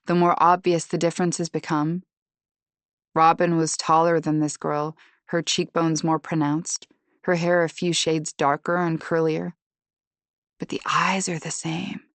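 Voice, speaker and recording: A woman narrating a suspense audiobook in the first person, measured and tense. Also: on the low side, dry recording.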